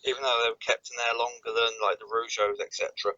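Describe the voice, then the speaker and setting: A man's voice: medium pitch, little pitch movement, fast, pushed and bright. A man co-hosting a podcast, chatting in a laid-back way about an old wrestling event and swearing casually. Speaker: podcast co-host. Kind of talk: casual wrestling review chat. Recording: dull lo-fi mic.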